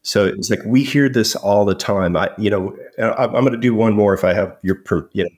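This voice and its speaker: A man's voice: on the low side, brisk, darkish tone. A man as an interview guest, telling stories casually and often repeating words. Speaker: company founder guest. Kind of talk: conversational interview.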